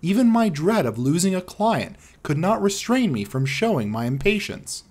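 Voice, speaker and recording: Lively male audiobook narrator. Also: high voice, normal speed.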